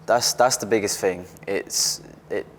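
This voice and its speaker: Deep-voiced young man, openly animated. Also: a little slow, a little hiss or hum. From Britain. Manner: open and animated, restarts often. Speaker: interview guest, athlete. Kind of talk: casual interview chat.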